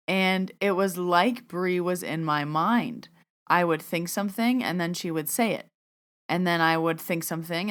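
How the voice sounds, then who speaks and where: A woman's voice: on the low side, fairly bright tone, clear, resonant tone. A woman podcast host who works as a medium tells a story in a casual, chatty way, filling her talk with "like" and acting out her own thoughts. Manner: chatty, frequent "like" fillers, acts out her inner thoughts.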